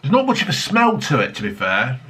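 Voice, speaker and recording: Reviewing drinks in a casual vlog from his home desk, a middle-aged man rambles and curses. His mid-range voice swings hugely in pitch and sounds pushed and bright, and he speaks fairly quickly.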